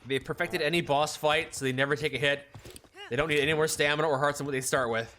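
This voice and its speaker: A man's voice: on the high side, steady tone, quick pace, sharp tone, slight background noise. A man chatting casually while playing a game, joking and rambling with restarts. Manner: rambling, jokey, restarts sentences. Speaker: let's play co-host. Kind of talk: casual gaming chat.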